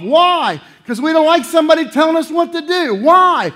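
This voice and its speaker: A middle-aged male pastor preaching a sermon, animated, acting out little voices and swinging between loud outbursts and low asides. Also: normal speed.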